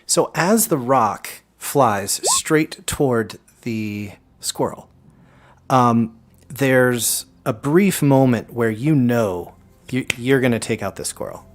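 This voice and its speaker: A man's voice: mid-range voice, slow. A man running a tabletop game as game master, narrating casually with frequent restarts.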